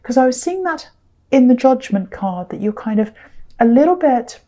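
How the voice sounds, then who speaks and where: A woman giving a tarot reading, talking in a gentle, reassuring way with frequent pauses and ums. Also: sits high, lively intonation. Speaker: tarot reader.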